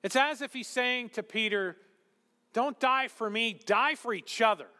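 A man preaching a sermon as pastor, animated, acting out quotes and dropping to hushed whispers. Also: very high-pitched, unhurried, long reverb tail.

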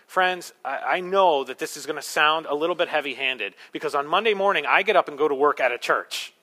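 Man, pastor, sermon, emphatic, rhetorical questions, high pitch. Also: a little fast, sharp tone.

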